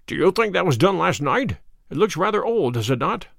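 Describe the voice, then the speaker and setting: A man reading an audiobook, voicing a calm, authoritative detective with a measured manner. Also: high-pitched, gravelly, no room sound, clean studio sound, heavily acted. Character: sharp, commanding male detective, calm and cryptic.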